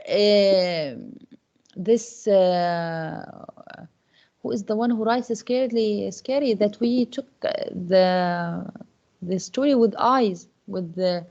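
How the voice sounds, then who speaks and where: A woman's voice: mid-range voice, slow pace, a little mellow, dull audio. A woman English teacher teaches an online class, repeating questions to her students with many fillers and restarts.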